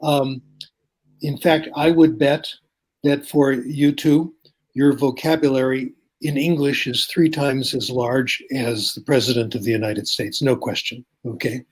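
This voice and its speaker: Husky older man explaining, unhurried. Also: medium pitch, fairly even intonation. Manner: reflective, anecdotal, often checks in with "okay?". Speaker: linguistics professor as interview guest. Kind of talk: explanatory interview talk.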